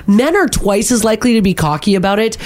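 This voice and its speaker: Woman, radio co-host, brisk, teasing, casual chat. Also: mid-range voice, expressive, a little mellow. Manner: brisk, teasing, reads out news items. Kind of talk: casual radio chat, reading stories and listener texts.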